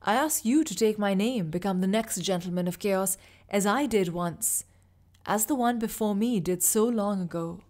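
A woman voicing a weary, dying male master assassin who speaks softly and slowly in an audiobook reading. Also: medium pitch, natural voice. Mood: sorrowful. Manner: soft-spoken, measured. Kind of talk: audiobook character voice.

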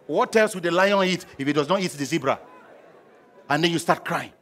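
A middle-aged man preaching a sermon, animated and humorous, acting out scenes with sound effects. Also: a little high, brisk, a faint crowd, a little hiss or hum. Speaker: pastor.

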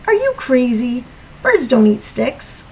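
A demanding little male bird from a storybook, put on by a woman reading aloud. His voice is high, squawky and whiny, with a gravelly edge, and it swings wildly up and down. The lo-fi recording sounds dull. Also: sing-song, slow, heavily acted. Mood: grumpy, picky.

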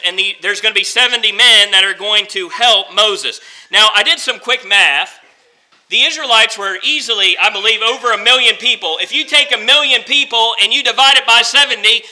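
High, bright-voiced preacher man. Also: low-quality recording. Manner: earnest, repeats phrases for emphasis, slows down for scripture; swings between quiet, slow lines and louder, faster ones. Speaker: pastor. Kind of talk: sermon.

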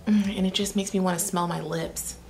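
A woman's voice: on the low side, steady tone, brisk, creaky, darkish tone, faint music behind. A young woman doing a casual, chatty makeup try-on review, with sassy asides. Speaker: beauty vlogger.

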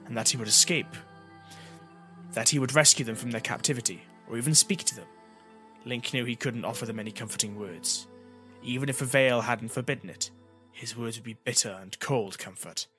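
A man reading an audiobook chapter as narrator, in an even storytelling manner. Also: mid-range voice. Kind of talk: scripted narration.

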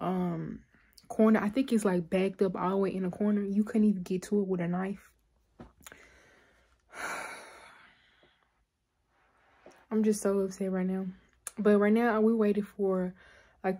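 A woman's voice: mid-range voice, dark tone, breathy edge. Chatty young woman vlogging. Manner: chatty, addresses viewers directly, frequent fillers. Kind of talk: casual vlog chat to camera.

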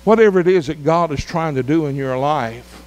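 Middle-aged pastor with a high voice, preaching a revival in drawn-out emphatic phrases. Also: male voice, a little mellow. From Arkansas. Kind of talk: revival sermon.

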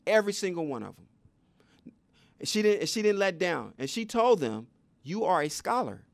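Man, gravelly voice, emphatic lecture, preacher-like repetition, dry sound. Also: high voice, sing-song, a little fast, no echo. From United States. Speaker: education speaker. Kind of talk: lecture to an audience.

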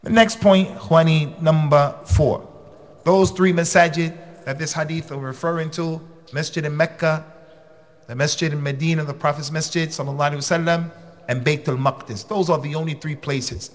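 A man's voice: steady tone, normal speed. Emphatic man preaching bluntly. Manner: emphatic, with sudden rises in pitch; blunt and conversational. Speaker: preacher and khatib. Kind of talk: lecture to a congregation.

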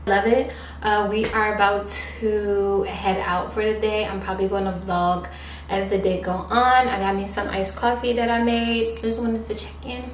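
A woman vlogger films herself on a handheld camera, chatting casually and straight to her viewers in a laid-back way. Her medium-pitched voice is steady and moderately paced with few pauses, and there is noticeable background noise.

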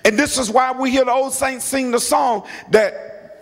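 A man's voice: extremely high pitch, steady tone, a little slow, vocal fry. A middle-aged male pastor preaching a sermon, emphatic, repeating words and calling on the congregation to respond. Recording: long hall reverb.

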